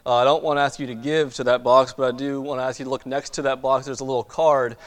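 A man's voice: medium pitch, flat delivery, quick pace. A male pastor greeting the congregation and preaching, hesitant and repeating words, with many fillers. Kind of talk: sermon with church announcements.

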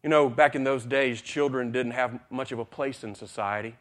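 A man preaching a sermon, repeating phrases for emphasis and swinging between hushed, quiet passages and loud, excited buildups. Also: medium pitch, normal speed.

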